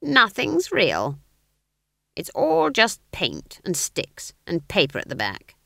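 A woman's voice: low voice, huge pitch swings, measured pace, creaky, bright, forceful tone, dry recording, studio quality, heavily acted. A woman voicing a stern, formidable old witch who talks bluntly and grimly in an audiobook. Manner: blunt, grim and commanding. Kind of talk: audiobook character voice.

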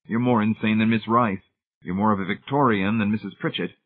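A man voicing a weary, sardonic man who speaks softly and dryly. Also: lowish voice, steady tone, brisk, lightly acted. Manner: soft, dry and sardonic. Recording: tinny phone-like sound.

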